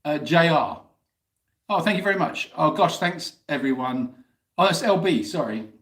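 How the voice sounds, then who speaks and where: A man's voice: on the high side, lively intonation, normal speed, fairly bright tone. A man hosting a casual live Q&A stream, chatting, teasing and reading out viewer messages. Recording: roomy echo.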